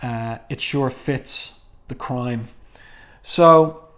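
A man's voice: medium pitch, drawn-out words, fairly bright tone. A man casually reviewing a comic book and reading panels aloud, musing with frequent ums and restarts.

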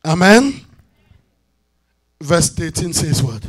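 A man preaching a sermon as bishop, calling out to the congregation for answers and swinging between loud declarations and hushed asides. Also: fairly high pitch, big pitch swings, slow. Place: church sanctuary.

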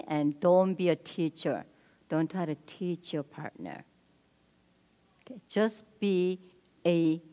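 A woman leading a marriage seminar at a church, speaking directly and prompting the audience with quick cues. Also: fairly low pitch, a little mellow. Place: church hall. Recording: long hall reverb.

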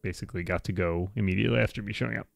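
A man playing a tabletop game, relaxed and wry, thinking aloud. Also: low-pitched, racing, vocal fry, no room sound. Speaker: player. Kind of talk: casual tabletop game play.

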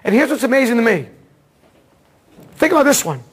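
A man teaching an automotive diagnostics seminar, telling a case story in a casual, excitable way and acting out the dialogue. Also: very high voice, brisk, husky. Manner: casual slangy talk, repeats words. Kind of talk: seminar lecture.

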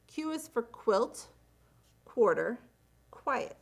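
A woman teaching letter sounds to children with slow, clearly enunciated, drawn-out words. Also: mid-range voice, very animated. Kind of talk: slow, deliberate phonics instruction.

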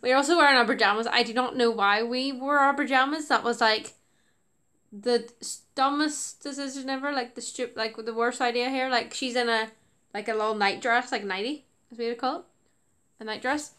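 A woman's voice: fairly high pitch, fairly quick, sharp tone. A woman YouTuber chatting casually about her old videos, rambling with lots of "like" and giggles. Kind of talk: casual reaction commentary.

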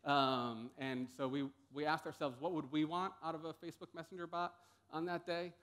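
Halting young man giving a talk. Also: on the high side, level tone, fairly bright tone. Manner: casual, halting, many ums and uhs. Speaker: conference speaker. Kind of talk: conference talk. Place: conference stage.

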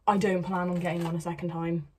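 A woman vlogging from home, talking to herself in a loose, rambling way as she gets ready. Her voice sits fairly low and sounds mellow and soft-edged. A faint hiss runs underneath. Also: flat delivery, quick pace. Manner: chatty, rambling self-talk while getting ready. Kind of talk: casual vlog chat. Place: at home, indoors.

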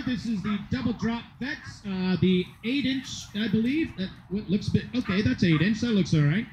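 A man's voice: very high-pitched, lo-fi sound. A man giving playful, rambling live commentary at an outdoor dog agility field. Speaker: event commentator. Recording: loud outdoor noise, dogs barking.

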